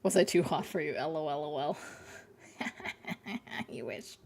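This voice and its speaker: Deep, darkish, and a little slow with vocal fry, this woman's voice carries a playful, sarcastic game stream full of innuendo as she chats with her viewers. She has a burnt mouth, and a faint hiss or hum sits under the audio.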